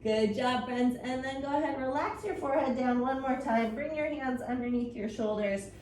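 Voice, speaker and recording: A woman's voice: high voice, moderate pace, darkish tone. Bouncy woman doing kids yoga, silly sound effects, far off mic with a bit of background hiss. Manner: encouraging, playful, makes silly animal sounds. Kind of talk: guided children's yoga story time. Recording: roomy, from a distance, faint noise.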